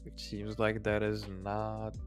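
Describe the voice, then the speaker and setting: A man's voice: on the low side, monotone, slow, faint music behind. A man on a voice call with a streamer, chatting casually and giving blunt opinions with some swearing. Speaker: guest on call. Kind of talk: casual chat.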